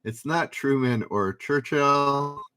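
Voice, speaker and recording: A man's voice: mid-range voice, slow pace, pushed and bright, clear, resonant tone. A man hosting a trivia livestream, reading out questions and viewers' names with dry little asides.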